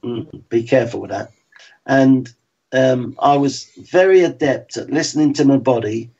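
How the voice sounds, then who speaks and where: Man, 60s, former footballer, frank, measured, slightly muffled lo-fi audio. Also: medium pitch, darkish tone, slightly rough. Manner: frank and plain-spoken, measured. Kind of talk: reflective interview talk. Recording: slightly dull lo-fi sound.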